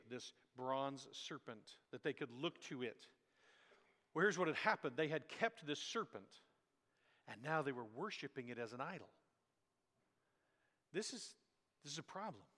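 A male pastor preaches a sermon in a bright, ringing voice that sits a little high for a man. He is animated and emphatic, repeats words for weight and acts out quotes. The sound carries the long reverb of a church hall. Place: church sanctuary.

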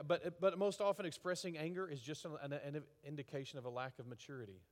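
A man preaching a conversational sermon, halting with fillers and restarts, rising to emphatic rhetorical questions. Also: a little high. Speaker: pastor. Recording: reverberant hall.

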